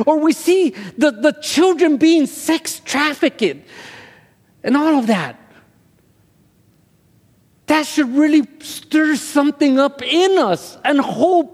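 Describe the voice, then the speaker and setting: A male pastor who speaks Spanish as his first language, preaching a sermon that swells into loud, high-pitched passion. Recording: echoey hall with long reverb.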